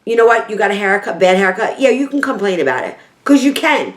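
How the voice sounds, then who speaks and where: A woman's voice: medium pitch, very animated, fast talker. A middle-aged woman with a New York accent, talking to camera in a heartfelt, rambling way and repeating herself for emphasis. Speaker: beauty vlogger. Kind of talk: emotional casual talk to camera. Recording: echoey room.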